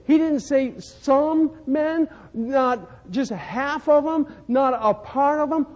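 A man's voice: very high voice, takes it slowly, few pauses, a little mellow. A man preaching a sermon, telling folksy stories and repeating words as he builds to fervent emphasis. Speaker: pastor. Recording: dull sound, long hall reverb.

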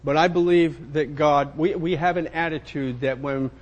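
A man's voice: a little high, fairly even intonation, moderate pace, lo-fi sound. A man preaching a sermon in an emphatic, repetitive way, speaking to himself as much as his listeners. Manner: emphatic, repetitive, self-including.

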